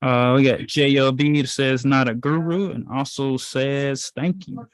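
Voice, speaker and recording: A man's voice: medium pitch, steady tone, unhurried, clean tone, dry recording. A man co-hosting a livestream, reading out viewer comments in a matter-of-fact way. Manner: matter-of-fact, reads names off the chat. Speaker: co-host reading chat comments.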